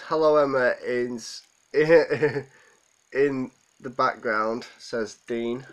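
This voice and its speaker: Holding back tears, a male livestream host rambles through viewers' comments in emotional live chat. He speaks with a medium pitch and fairly even intonation, drawing out his words, over a low-quality recording.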